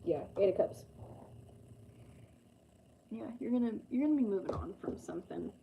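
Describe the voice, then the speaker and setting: A woman's voice: medium pitch, big pitch swings, normal speed, highs cut off, slight background noise. A woman giving a casual, rambling tarot reading, full of fillers and the odd swear. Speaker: tarot reader.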